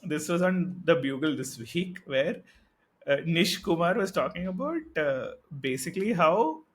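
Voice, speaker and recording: Indian English male co-host, fairly high-pitched, loose and tangent-prone, laughs at his own asides. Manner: rambling, tangent-jumping, chuckles through his stories. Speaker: podcast co-host. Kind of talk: casual podcast chat.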